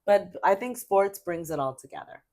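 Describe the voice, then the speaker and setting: A middle-aged woman co-hosting a casual sports podcast, chatty and emphatic, rambling with quick restarts. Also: medium pitch, animated, mellow. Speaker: podcast co-host.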